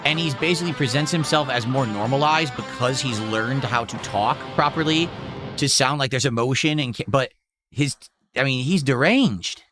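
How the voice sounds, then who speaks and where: A man's voice: mid-range voice, moderate pace, music in the background. A man streaming live, giving casual reaction commentary in an incredulous, exclaiming way.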